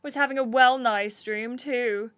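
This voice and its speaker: A woman's voice: fairly high pitch, steady tone, unhurried, a bit bright, clean tone, no echo. A woman voicing a grumpy young man who slept badly, in a dry, grumbling read.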